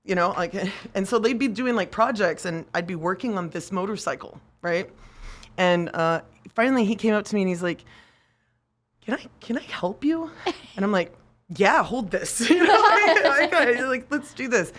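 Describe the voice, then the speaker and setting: A woman guest on a podcast telling her story in a casual, animated way, acting out what people said, swearing and laughing often. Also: medium pitch, moderate pace. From United States.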